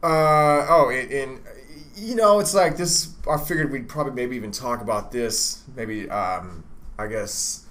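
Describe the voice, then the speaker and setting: A man's voice: mid-range voice, unhurried, a bit bright. A man hosting a casual dating advice chat, crude and rambling, full of restarts. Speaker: dating coach host.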